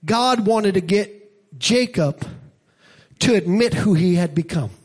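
High-pitched man preaching a sermon. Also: animated, takes it slowly, slightly rough. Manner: preaching with dramatic acted-out scenes and shouted peaks; rhythmic repetition, builds to loud climaxes. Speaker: pastor.

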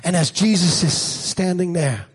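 A man preaching a sermon as a church pastor, moving from quiet reflection to shouted, rising passages. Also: high voice, unhurried, husky.

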